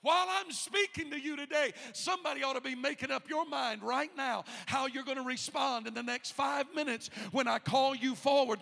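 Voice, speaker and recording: A man preaching a sermon as pastor of the church, moving from quiet storytelling to loud, shouted calls to the congregation. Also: extremely high pitch, vocal fry, long reverb tail. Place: church sanctuary.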